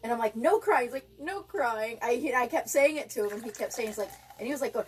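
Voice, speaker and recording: Chatty woman telling animated stories. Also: on the high side, very fast, a little hiss or hum. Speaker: podcast co-host. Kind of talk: casual chat.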